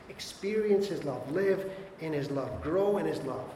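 A man's voice: on the high side, expressive, unhurried, warm tone, slight background noise. A man preaching a sermon as a pastor, emphatic and exhorting, with repeated short urgings. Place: church hall. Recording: echoey church hall with long reverb.

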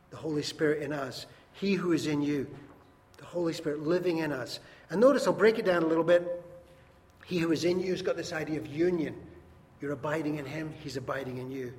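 A man preaching a sermon in a church hall, earnest and emphatic, rising loud and dropping soft. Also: on the high side, a little fast. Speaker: pastor. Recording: long reverb, faint background noise.

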